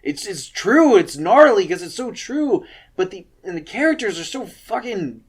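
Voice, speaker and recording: A young man with a slightly high voice talks through film recommendations in a loose, rambling way. He leans on fillers and restarts, and swears freely as he goes. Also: sing-song, moderate pace, breathy edge. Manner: rambling and profane, many fillers. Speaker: film reviewer.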